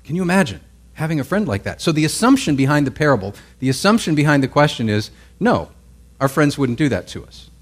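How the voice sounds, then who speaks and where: Leading a Bible class, a pastor preaches quickly in a rather high, very animated voice with a breathy edge. He keeps it conversational, often checking on listeners and restarting what he says.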